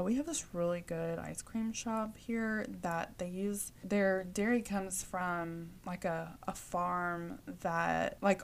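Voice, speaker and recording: A woman in her forties from the United States, telling personal stories in a chatty, rambling way, often correcting herself. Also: medium pitch. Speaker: vlogger. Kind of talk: casual storytelling.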